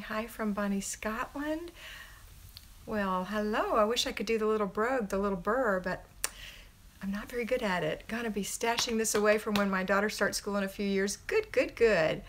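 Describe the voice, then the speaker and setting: A chatty middle-aged American woman talking to viewers on a live stream from her home. She keeps an upbeat, friendly manner, reading off names and giving practical household tips, her pitch sitting in an ordinary middle range. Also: moderate pace, slight background noise. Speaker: homemaking coach and livestream host. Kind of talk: casual live-stream chat, greeting viewers then giving advice.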